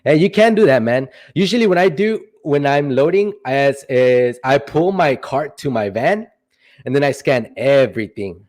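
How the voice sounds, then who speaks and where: A man's voice: mid-range voice, lively intonation, moderate pace, a little mellow. A young man hosting a casual livestream, answering chat questions in a rambling, playful way with joking asides.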